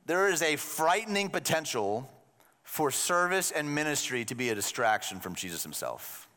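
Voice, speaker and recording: A man delivers a sermon with a slightly raised pitch. He talks to the congregation in a loose, conversational way and drops in joking asides. His voice rings out with the long reverb of a large hall. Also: a bit bright. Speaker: pastor.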